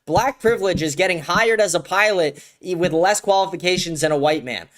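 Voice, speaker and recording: High-voiced man ranting heatedly. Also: brisk, fairly bright tone. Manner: heated, profane, repeats words when starting sentences. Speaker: show host. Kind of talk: solo ranting commentary.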